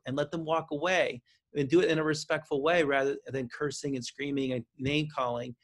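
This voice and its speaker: Guy counselor on an interview, pretty high voice, animated, keeps restarting sentences. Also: brisk. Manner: animated, acts out parent and child lines, frequent restarts. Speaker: counselor and author. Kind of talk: interview guest explaining parenting advice.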